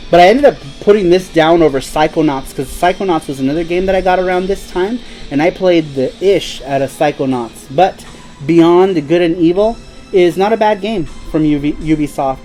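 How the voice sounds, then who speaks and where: A man's voice: fairly high pitch, moderate pace, mellow, soft background music, low-quality recording. A man hosting a casual live stream, chatting in a rambling, laid-back way and laughing easily. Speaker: host.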